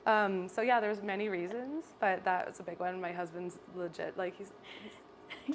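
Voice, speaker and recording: A young Canadian woman talks about her salon in a lively, bubbly way, laughing often as she tells stories. Her voice sits at a middle pitch. Faint room ambience hums behind her. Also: brisk, a little hiss or hum. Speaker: salon owner. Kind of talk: casual interview chat. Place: hair salon.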